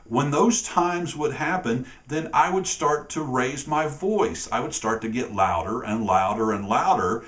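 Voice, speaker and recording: A man's voice: mid-range voice, lively intonation, measured pace, few pauses, a bit bright. A man, a relationship coach co-hosting with his wife, talking earnestly to camera in a casual, conversational way.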